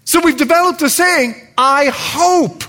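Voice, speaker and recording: A middle-aged man from the United States, a pastor preaching a sermon in a lively, humorous way. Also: extremely high pitch, measured pace.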